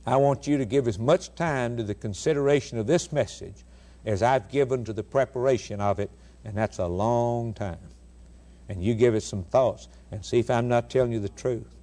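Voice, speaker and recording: Guy preaching on the radio, emphatic, keeps asking rhetorical questions, goes loud then quiet. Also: fairly low pitch. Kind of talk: sermon.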